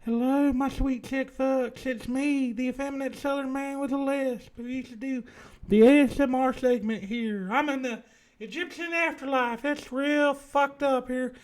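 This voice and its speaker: A man's voice: steady tone, measured pace. A man voicing the ghost of an effeminate southern man with a lisp who used to host an ASMR segment. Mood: chatty. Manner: high lilting sing-song chatter.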